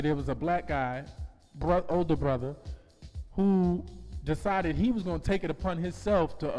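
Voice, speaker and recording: A man with a New Jersey accent, co-hosting a radio show, telling profane comic stories and ranting loudly. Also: a little high, long reverb tail. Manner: profane, animated storytelling, gets loud. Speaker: co-host.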